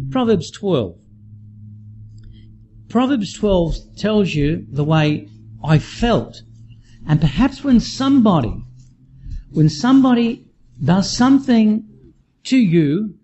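A man giving a sermon in a conversational, animated way, often restarting his sentences. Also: sits high, lo-fi sound, slight background noise. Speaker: preacher.

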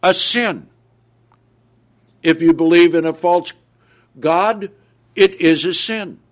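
A man's voice: sits high, takes it slowly. A man preaching a sermon, asking the audience questions and answering them himself with emphasis.

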